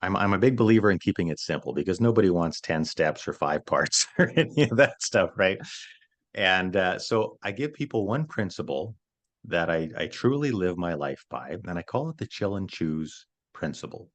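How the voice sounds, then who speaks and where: Man, very low voice, earnest coach explaining in interview, restarts a lot. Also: animated, moderate pace. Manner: earnest, explanatory, repeats words when starting. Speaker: stress coach. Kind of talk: interview answer.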